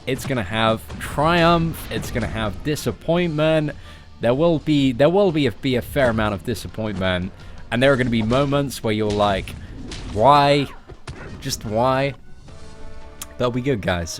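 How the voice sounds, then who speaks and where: A young man chats his way through a mobile game stream, answering viewers and cracking jokes. His pitch swings widely as he talks, while soft music plays faintly behind him. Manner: chatty, joking, reads out chat messages. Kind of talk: casual live-stream chat.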